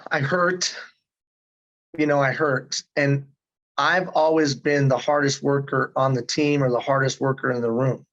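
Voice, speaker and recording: A man's voice: medium pitch, fairly even intonation, a little slow, a bit bright, lo-fi sound. A man in his fifties telling his story in a casual interview, earnest and emphatic. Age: 50s. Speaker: guest.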